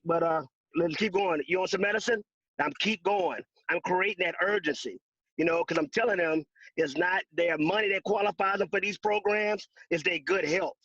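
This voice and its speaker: High-voiced man pushing sales tips. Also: a bit bright, dry recording. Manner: driven, emphatic, repeats key phrases. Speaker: insurance sales agent. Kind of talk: motivational sales talk on a video call. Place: secluded room at home. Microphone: video call. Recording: dry, dull video call audio.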